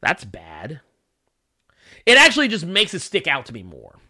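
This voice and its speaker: A man's voice: high-pitched, huge pitch swings, normal speed, bright, forceful tone, slightly rough. A man in his thirties hosting a casual livestream, ranting with profanity and laughing often while he reacts to chat. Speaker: livestream host.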